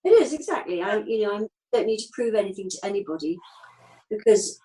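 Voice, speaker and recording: Chatty and direct, a woman in her fifties guests on an interview as an acupuncturist, leaning on plain homely analogies in a relaxed conversation. Her voice is at an ordinary middle pitch and fairly quick, captured on poor audio.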